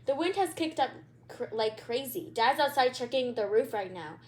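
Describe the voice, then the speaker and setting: A woman voicing a calm, practical mother in a storybook read-aloud. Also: on the high side, normal speed, a little hiss or hum, natural voice.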